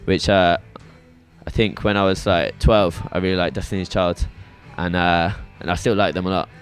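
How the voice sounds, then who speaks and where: A man's voice: deep voice, little pitch movement, moderate pace, soft background music. A young man chatting casually about his favourite records, rambling with many restarts. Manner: rambling, hesitant, full of restarts. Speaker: shop visitor sharing records. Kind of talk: casual chat. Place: record shop in a venue.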